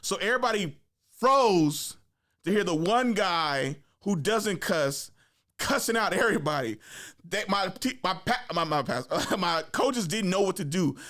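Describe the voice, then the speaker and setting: A young man hosting a podcast, telling a story in a casual, animated way, full of slang and swearing, acting out what people said. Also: sits high, measured pace. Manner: animated, acts out quotes, swears freely, slangy. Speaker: podcast host.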